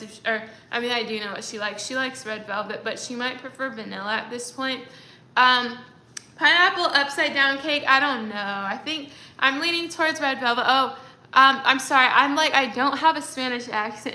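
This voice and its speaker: A young woman with a high, bright voice rambles through a casual livestream chat, full of fillers and restarts. She sounds like she is in an echoey room. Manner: rambling, chatty, many fillers. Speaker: livestreaming creator.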